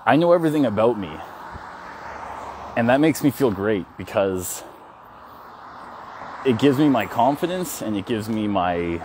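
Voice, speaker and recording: A man with a lowish voice talks into a phone he holds as he walks a street outdoors. His pitch swings widely as he tells a story frankly, with swearing and restarts, and faint noise sits behind him. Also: expressive, unhurried, pauses often, a little mellow. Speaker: vlogger. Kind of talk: casual walk-and-talk vlog. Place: outdoors on a city street, walking with dogs.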